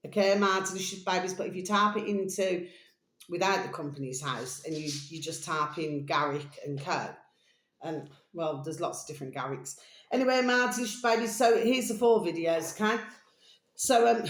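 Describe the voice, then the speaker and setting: An English woman hosting her own channel, talking in a meandering, chatty monologue that keeps wandering off and coming back, with fond pet names for her listeners. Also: on the low side. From England. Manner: chatty, meandering, calls listeners "my delicious babies". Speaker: channel host. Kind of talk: rambling casual monologue. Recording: roomy echoey home room.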